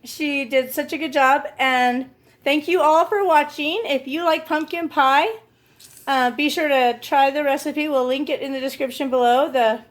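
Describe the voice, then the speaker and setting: A woman's voice: sits high, steady tone, moderate pace. A woman hosting a casual family vlog, gushing and encouraging in a motherly way. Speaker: family vlog host, parent.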